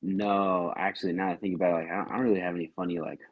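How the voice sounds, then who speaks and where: Male recruiter co-host, very deep voice, easygoing and halting, close muffled mic. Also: dry recording. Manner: relaxed, hesitant, many fillers. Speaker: podcast co-host, Marine recruiter. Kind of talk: casual chat.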